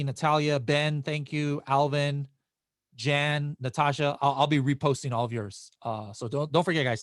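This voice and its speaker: This webinar host has a fairly high, fairly bright voice and takes viewer questions live in a relaxed, conversational manner, often restarting and padding with fillers. The audio is clean studio sound with no room ambience.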